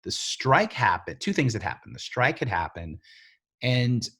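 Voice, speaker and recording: Animated middle-aged man, husky voice. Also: mid-range voice, unhurried. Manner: animated, filler-heavy storyteller who acts out quoted voices. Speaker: TV writer and showrunner, interview guest. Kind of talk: casual storytelling interview.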